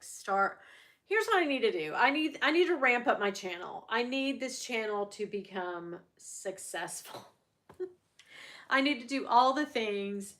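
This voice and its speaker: A middle-aged woman hosts a luxury handbag livestream, chatting candidly with viewers and swearing freely. Her medium-pitched voice is bright and forceful.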